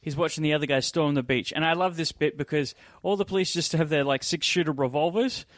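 Guy with a higher voice geeking out over an old action flick, acts out the lines, dry sound. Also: fast talker, dry recording. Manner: animated storytelling, acts out characters' lines. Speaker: podcast co-host. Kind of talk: casual movie discussion.

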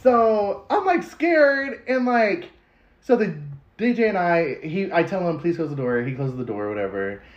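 A young man co-hosting a podcast, telling a story in animated, slangy casual chat. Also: sits high, a little slow. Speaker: podcast co-host. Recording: crunchy lo-fi roomy audio.

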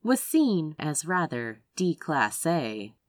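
A woman reading a romance story aloud as narrator, with expressive delivery. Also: takes it slowly, no echo. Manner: expressive narration with wide pitch swings. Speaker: audiobook narrator.

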